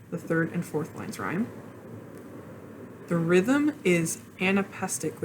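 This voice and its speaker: A woman's voice: deep voice, vocal fry, slight background noise. A young woman leading a teen poetry workshop, explaining step by step in a friendly, casual way with frequent ums. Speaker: librarian leading a teen program. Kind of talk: casual online workshop talk.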